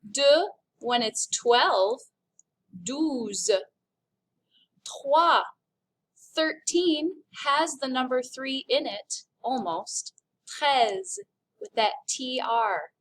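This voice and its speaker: A woman with a fairly high voice teaches a recorded French lesson at an unhurried pace. She speaks clearly and encouragingly, slipping in small jokes as she goes. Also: fairly bright tone, low-quality recording.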